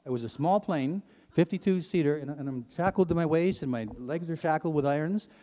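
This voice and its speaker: A middle-aged man from Ontario, earnestly telling his personal faith testimony to an audience, his voice climbing when he gets excited. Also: a little high, a little fast. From Ontario, Canada. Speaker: speaker sharing his testimony. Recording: long hall reverb.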